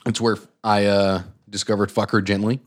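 A man's voice: fairly low pitch, little pitch movement, normal speed. A man co-hosting a podcast, chatting casually, swearing and teasing his co-host. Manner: profane, teasing. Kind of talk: casual chat.

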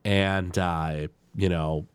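Speaking very slowly in a dry recording, a man with a clear, resonant tone co-hosts a podcast about a cartoon episode. He retells its scenes in lively, casual chat, leaning heavily on "like" and "you know" and shifting pitch whenever he quotes a line.

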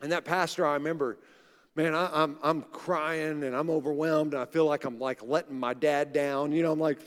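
A male pastor in his forties delivers a sermon as relaxed storytelling and acts out the people he quotes. His voice sits fairly high for a man. The live recording carries the long reverb of a large church auditorium. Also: moderate pace. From Oklahoma.

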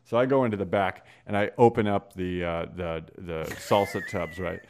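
A man co-hosting a podcast, telling stories in an animated, profane, casual way. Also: sits low, normal speed, slight background noise. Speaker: podcast co-host. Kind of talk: casual chat.

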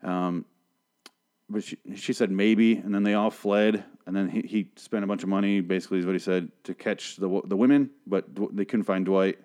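Male podcast host, low-ish voice, swears freely, rambles and corrects himself mid-recap. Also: steady tone, moderate pace, darkish tone. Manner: rambling, profane and self-correcting. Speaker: TV show review host. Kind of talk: casual solo recap podcast.

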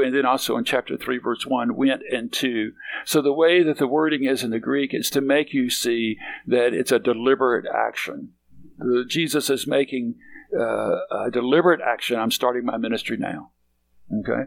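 Gravelly emphatic male preacher. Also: medium pitch, low-quality recording. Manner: emphatic, repeats points, frequent "okay?". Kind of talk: sermon with scripture reading.

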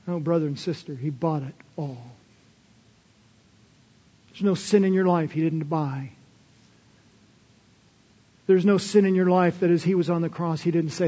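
A man preaching a sermon, moving between loud emphatic declarations and hushed, tender asides. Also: on the high side, unhurried, long pauses. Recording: dull live sermon recording with long hall reverb.

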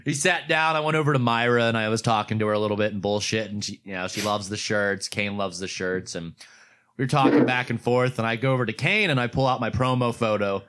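Talking fast in a fairly low, clean-toned voice, a man from Pittsburgh recounts a convention story casually. He's animated and swears freely, raising his voice to act out what others said.

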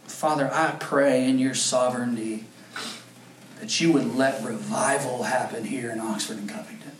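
A man's voice: mid-range voice, fairly even intonation, normal speed. A male pastor preaching a sermon, telling a story and rising to fervent emphasis. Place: church sanctuary. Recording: echoey church hall with faint noise.

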